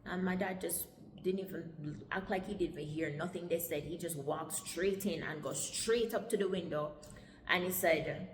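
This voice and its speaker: A woman with a Jamaican accent telling her life story in a halting, conversational way. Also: on the low side, slight background noise. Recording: echoey room with long reverb.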